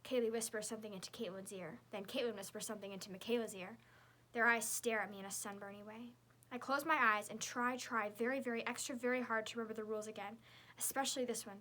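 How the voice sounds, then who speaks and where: A woman reads a children's chapter book aloud in the first person, telling it as the young girl herself. Her tone is bright and clear, sitting a little above the usual pitch, and her delivery stays lively and girlish. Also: fast talker. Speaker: audiobook narrator.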